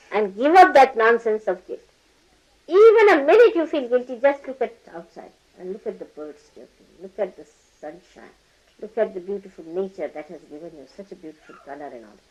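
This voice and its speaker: A woman's voice: a little high, sing-song, normal speed, a little mellow, dull audio. Older woman giving a teasing spiritual talk. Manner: teasing, scolding, laughs often, acts out quoted people. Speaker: spiritual teacher. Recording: archival talk recording.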